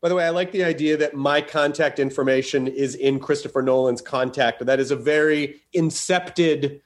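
A man trades jokes on a podcast, rambling from one bit to the next and laughing along the way. His voice sits a little high. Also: moderate pace. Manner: rambling, riffing, laughs often. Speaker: podcast co-host. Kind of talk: casual comedic chat.

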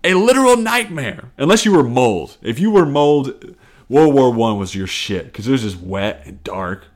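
A man's voice: mid-range voice, animated, normal speed, darkish tone. A man hosting a casual solo comedy podcast, rambling and profane, self-deprecating, and laughing often. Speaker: podcast host.

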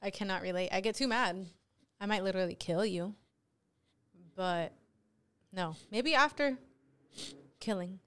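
Woman, podcast host, frank and blunt, casual chat, smooth clear voice. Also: mid-range voice, measured pace, long pauses, a bit bright. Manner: blunt, frank, swears freely.

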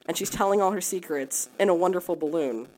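A woman's voice: lowish voice, fast talker. A woman guest on a podcast, chatting casually, laughing often and making fun of herself. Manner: laughs often, animated and self-deprecating. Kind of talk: casual interview chat.

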